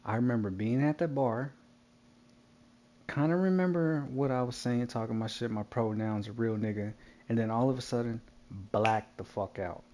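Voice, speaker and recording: A man telling a wild story in casual chat while gaming, animated and profane, laughing often. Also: mid-range voice, normal speed.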